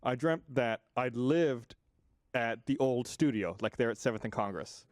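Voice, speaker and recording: A man telling a story on a podcast, animated and swearing freely. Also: mid-range voice, measured pace, no room sound, clean studio sound. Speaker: podcast regular. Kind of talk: casual storytelling. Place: podcast studio.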